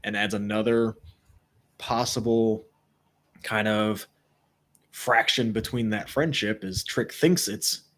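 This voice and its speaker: A man co-hosting a podcast, asking quick questions and making blunt, joking remarks about wrestling. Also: fairly low pitch, steady tone, a bit bright. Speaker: podcast co-host. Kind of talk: casual wrestling chat.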